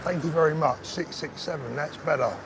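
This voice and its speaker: A middle-aged man strolls through resort streets, talking into a phone on a pole for his live viewers. His voice sits a little high and he jokes and answers comments as he goes. Faint street noise hums behind him. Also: brisk, creaky. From Britain. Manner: chatty and joking, reading out viewer comments. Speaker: livestream host. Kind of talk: casual live walking chat. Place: outdoors on resort streets, walking. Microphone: phone on a selfie pole.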